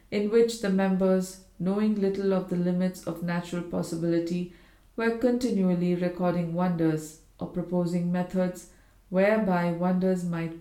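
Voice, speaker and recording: A woman's voice: medium pitch, darkish tone. Woman narrating a classic story. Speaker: audiobook reader. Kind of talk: scripted literary narration. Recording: roomy echo.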